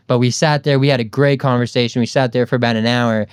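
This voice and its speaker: A young man in his twenties talks casually, rambling through a story with plenty of fillers. His voice is smooth and resonant, recorded dry and close. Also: medium pitch, fairly even intonation, fast, no echo. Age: 20s. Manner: rambling, loose, lots of fillers and "dude". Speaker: podcast guest.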